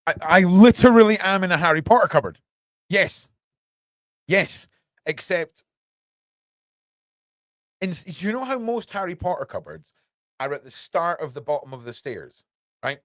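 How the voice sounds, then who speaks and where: A man's voice: high-pitched, animated, unhurried, pauses often, no room sound. A British man hosting a podcast from a small room at home, rambling through news commentary with lots of rhetorical questions. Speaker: podcast host.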